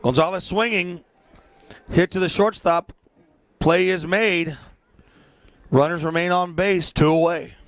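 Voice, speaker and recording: A man doing play-by-play for a local baseball game, chatty and joking between pitches. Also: steady tone, a little slow, pauses often, a bit bright. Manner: joking, chatty, breaks into silly asides. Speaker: play-by-play announcer.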